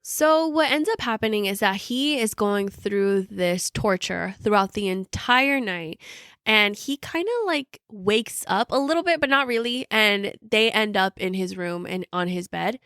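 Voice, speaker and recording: A woman's voice: medium pitch, unhurried, no room sound, clean studio sound. A woman co-hosting a book podcast, retelling scenes with lots of laughter and acted-out lines. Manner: animated retelling, acts out characters' lines, laughs often. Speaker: podcast co-host. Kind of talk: casual book chat.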